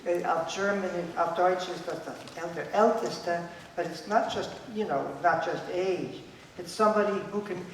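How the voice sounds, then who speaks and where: Man, conference speaker, high voice, emphatic and repetitive, reverberant hall with faint noise. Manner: emphatic, repeats key points, acts out quoted voices. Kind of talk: lecture at a conference. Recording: echoey hall, voice picked up from a distance.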